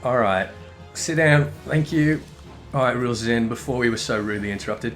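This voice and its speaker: A man's voice: medium pitch, normal speed, fairly bright tone, faint music behind. A man giving casual, rambling gameplay commentary, swearing and correcting himself as he goes. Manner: rambling, profane, self-correcting. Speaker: game commentator.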